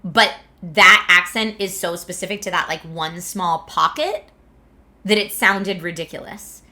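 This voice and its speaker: A woman's voice: lowish voice, a little slow, sharp tone. A woman, chatting casually with her viewers on a stream and laughing often. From Philadelphia area, USA. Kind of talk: casual chat reading viewer comments. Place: home streaming setup in California.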